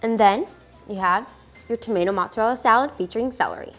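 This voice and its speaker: A woman's voice: a little high, fast, music in the background. A woman hosting a casual cooking demonstration, chatty and peppering her talk with "like". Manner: chatty, fills with "like". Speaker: cooking show host.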